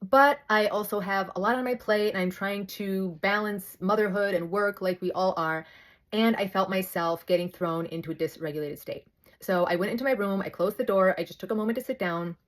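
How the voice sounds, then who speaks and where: Holding her phone close, this host in her thirties chats casually to camera with a mid-range voice and brisk delivery. Slightly breathless, she interrupts herself and restarts sentences as she tells her story animatedly.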